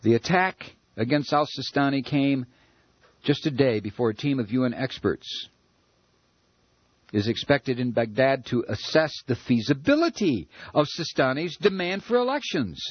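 A man's voice: medium pitch, expressive, moderate pace, breathy edge, dry recording, lo-fi sound. A man hosting a radio talk show, ranting in a furious political monologue, stammering and repeating words.

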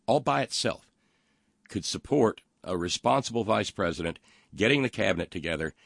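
A gravelly, low-voiced man hosts a political talk show in clean studio sound with no room sound. Reading listener comments, he mocks the news sarcastically and speaks haltingly with many ums and uhs.

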